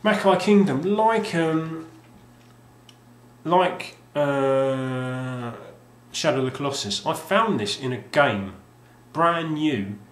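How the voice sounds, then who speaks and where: A man's voice: on the high side, expressive, slow pace. A man casually showing off his game collection, rambling and hesitant with lots of ums and restarts. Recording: roomy sound with faint ambience.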